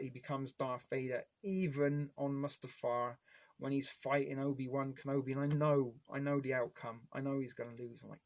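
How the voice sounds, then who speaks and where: A man's voice: medium pitch, darkish tone. Man, 40s, home streamer: loose, profane, nostalgic, talks straight to his chat. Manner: rambling, heavy swearing; nostalgic fan enthusiasm. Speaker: live streamer. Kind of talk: casual live-stream chat.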